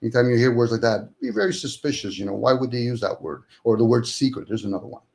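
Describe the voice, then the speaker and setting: A man's voice: mid-range voice, animated, fast, vocal fry, a little mellow. A man in casual conversation as a guest, arguing in rhetorical questions and acting out the voices of people he quotes.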